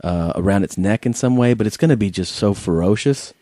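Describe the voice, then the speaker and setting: A man's voice: on the low side, fairly quick, warm tone, dry recording. A man co-hosting a podcast, chatting casually and ranting in an exasperated, profane way. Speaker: podcast co-host.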